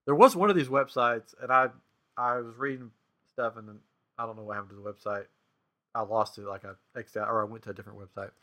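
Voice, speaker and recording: A man's voice: medium pitch, fast, a bit bright. A man hosting a casual podcast, asking easygoing questions as he chats. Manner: asks many questions, easygoing. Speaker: podcast host. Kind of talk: casual chat.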